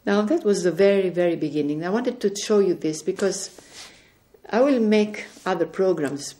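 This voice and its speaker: A woman giving an earnest spiritual testimony at home, gently recounting conversations. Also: mid-range voice, moderate pace. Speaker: religious speaker. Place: indoors at home.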